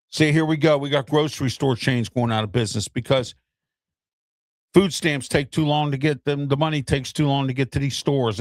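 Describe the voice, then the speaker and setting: A man's voice: medium pitch, no room sound, studio quality. A middle-aged man hosting an opinion show, ranting bluntly and with exasperation straight to his viewers.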